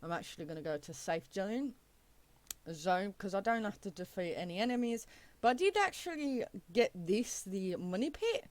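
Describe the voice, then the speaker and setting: A woman's voice: mid-range voice, expressive, normal speed, a little mellow, no room sound. A woman casually narrating her first look at an idle game, thinking aloud with frequent okays and stumbling a little when she reads the game's text. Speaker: gaming channel host. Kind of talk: casual let's-play commentary.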